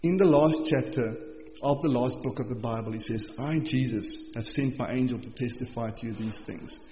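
A man preaching a morning sermon, reading scripture slowly and with emphasis, then explaining it in an earnest, conversational way. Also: mid-range voice, darkish tone, soft background music. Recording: echoey hall, dull sound.

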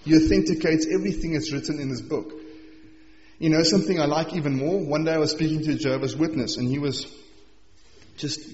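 A man's voice: medium pitch, a little mellow. Man preaching in an echoey hall. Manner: earnest, reads scripture slowly with emphasis. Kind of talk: sermon. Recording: echoey hall, dull sound.

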